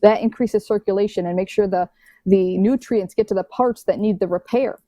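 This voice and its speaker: A woman talks as a guest on a podcast, in a casual and emphatic way, repeating words when she starts over. Her voice is mellow, with a warm, soft colour. The sound is dry, with no room echo. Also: medium pitch, normal speed. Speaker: diabetes health coach, podcast guest.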